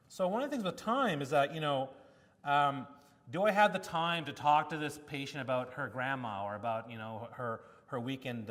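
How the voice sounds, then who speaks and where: A man giving a conference talk, telling stories in an animated way and acting out quotes from the people in them. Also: on the high side. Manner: animated storytelling with acted-out quotes. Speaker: keynote speaker. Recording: long hall reverb.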